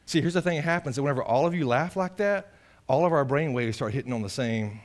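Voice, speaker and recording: A male pastor preaching an animated, impassioned sermon. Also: mid-range voice, fast. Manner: animated, impassioned, acts out voices of others.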